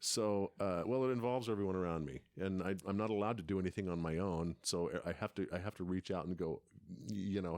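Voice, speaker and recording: A man's voice: deep voice, quick pace, darkish tone, dry recording, studio quality. A middle-aged man telling a long story in casual chat, rambling and restarting his sentences often. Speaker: podcast co-host, father.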